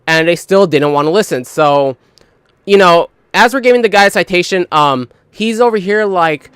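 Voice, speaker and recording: A man's voice: sits high, normal speed, a bit bright, clean tone, no room sound, clean studio sound. A young man telling work stories in a casual, profane, rambling monologue full of fillers and retold dialogue. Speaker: gaming channel host.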